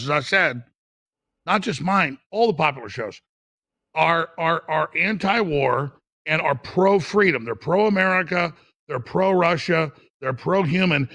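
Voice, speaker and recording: Guest: gravelly, bright-edged middle-aged man, fiery, stammers through restarts. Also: a little high, dry recording. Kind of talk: impassioned political talk.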